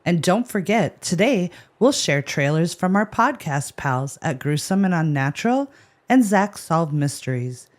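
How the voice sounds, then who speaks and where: A woman's voice: on the low side, animated, unhurried. A woman co-hosting a podcast, telling a history story with playful, jokey asides. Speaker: podcast co-host. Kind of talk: scripted podcast banter.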